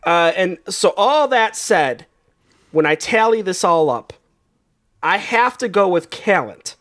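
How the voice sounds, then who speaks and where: A man hosting a comedy game show, playful and quick to laugh. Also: high voice, expressive, fairly bright tone.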